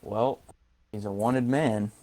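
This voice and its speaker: A man with a somewhat low voice plays his turn in a tabletop game. He talks hesitantly, fills gaps, cracks jokes and swears casually. His tone is relaxed table chatter. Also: slow pace, slight background noise. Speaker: player.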